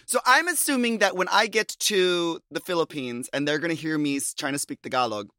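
A man's voice: fairly high pitch, normal speed, smooth, no room sound, clean studio sound. A man from Minnesota hosting a podcast, chatting casually with frequent laughs. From USA, Minnesota. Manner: chatty, laughs often, animated asides. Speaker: podcast host. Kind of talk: casual chat.

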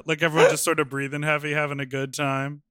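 A man hosts a podcast and chats playfully with his guest. His voice is bright and a little high. The sound is dry and close. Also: flat delivery, clear, resonant tone, no echo. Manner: playful, quick to laugh along. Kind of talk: casual chat.

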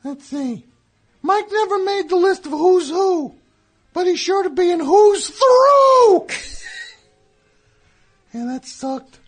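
A man's voice: extremely high pitch, lively intonation, slow, pauses often, soft background music, exaggerated voice. A man voicing a hacky, touchy male squirrel comic who tells corny jokes and grumbles, in a studio comedy bit. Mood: wisecracking. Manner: corny joke-telling, self-pitying grumbling. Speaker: recurring comedy character. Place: radio studio.

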